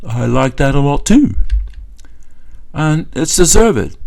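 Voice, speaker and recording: Guy slowly mocking and sneering, lots of uhs, gravelly low-key voice. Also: lively intonation, darkish tone, poor audio. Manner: mocking, scornful, hesitant with many fillers. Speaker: commentator. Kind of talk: satirical political commentary.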